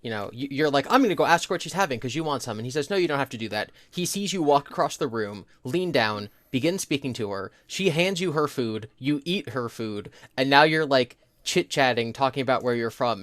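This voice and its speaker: A man co-hosting a podcast, cutting in to retell a story in an animated way. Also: mid-range voice, a little fast, few pauses, no echo. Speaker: podcast co-host. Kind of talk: casual chat.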